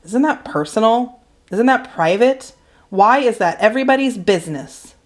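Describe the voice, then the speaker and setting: A woman's voice: on the high side, lively intonation, normal speed, voice pushed up, natural voice. A woman doing a hard, angry young boy. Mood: agitated. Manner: hard and sharp. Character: angry hurting boy narrator.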